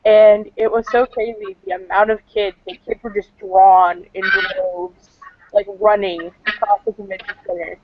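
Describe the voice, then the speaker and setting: A woman's voice: medium pitch, steady tone, unhurried, a little hiss or hum. A woman cosplayer answering interview questions in a chatty, rambling way, with lots of fillers. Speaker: cosplayer guest. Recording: dull lo-fi dry recording.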